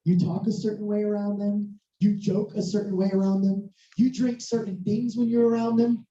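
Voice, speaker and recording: A hoarse preacher with a strained, worn voice delivers a storytelling sermon and acts out every exchange with sudden high jumps. The tone is very dark and mellow. It is heard from a distance in a roomy, echoing space with a slightly muffled sound. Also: normal speed, slight background noise. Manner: animated, acting out dialogue with big pitch jumps.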